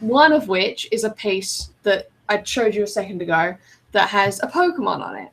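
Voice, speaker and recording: A young woman hosting a podcast and telling lively anecdotes, acting out both sides of conversations. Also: mid-range voice, moderate pace, gravelly. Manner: animated anecdote-teller, acts out quoted exchanges. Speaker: podcast host and artist. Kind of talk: casual chat.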